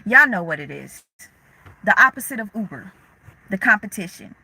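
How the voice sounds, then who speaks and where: Bright, slangy woman chatting on a livestream. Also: medium pitch, sing-song, moderate pace, husky, low-quality recording. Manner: candid, slangy, reads and answers chat comments. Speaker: livestream host. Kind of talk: casual livestream chat.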